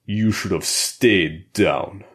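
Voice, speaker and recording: A man's voice: sits low, extremely slow. A male narrator voicing a huge brutish male prison fighter with a thick Russian accent, growling and sneering. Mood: taunting.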